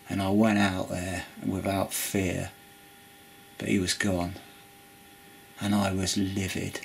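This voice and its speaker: A man's voice: low-pitched, flat delivery, slow, gravelly, long pauses, slight background noise. A man giving an earnest, rambling spoken testimony about forgiveness, full of restarts and asides. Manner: rambling, earnest, with frequent restarts and "you know". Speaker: Christian video preacher. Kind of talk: informal spoken testimony and preaching.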